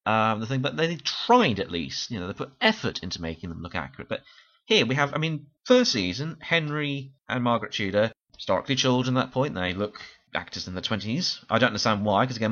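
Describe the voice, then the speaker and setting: Tired guy rambling thru an unscripted review, lowish voice, lots of laughs and restarts, kinda dull lo-fi sound. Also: fairly bright tone. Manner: chatty, rambling, frequent laughs and self-corrections. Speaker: TV series reviewer. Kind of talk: casual unscripted review monologue.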